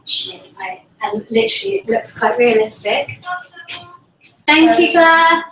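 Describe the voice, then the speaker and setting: A woman's voice: sits high, big pitch swings, fairly bright tone. Young British woman with an American twang. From Britain. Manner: chatty, quick, drops into whispers. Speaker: student host of a live stream. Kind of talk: casual chat before a live stream. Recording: echoey room with faint noise.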